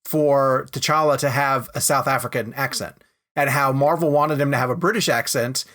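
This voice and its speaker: A man hosting a casual movie podcast, telling long rambling stories in an animated way. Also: medium pitch, moderate pace. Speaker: podcast host.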